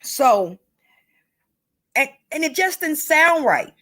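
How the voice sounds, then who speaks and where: A woman's voice: high-pitched, sing-song, slow, bright, forceful tone. Angry, profane true crime commentator woman. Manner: emotional, profane, repeats herself for emphasis.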